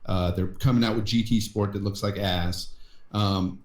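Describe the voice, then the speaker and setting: A man's voice: lowish voice, steady tone, moderate pace. Blunt man arguing, roomy echo. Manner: blunt, argumentative. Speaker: podcast co-host. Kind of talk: casual gaming podcast chat.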